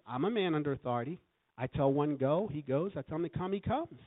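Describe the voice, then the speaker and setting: A man's voice: a little high, fast talker. A man preaching as a guest in a church, calling for responses from the congregation. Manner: lively, calls for congregation responses. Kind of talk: sermon. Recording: tinny phone-like sound.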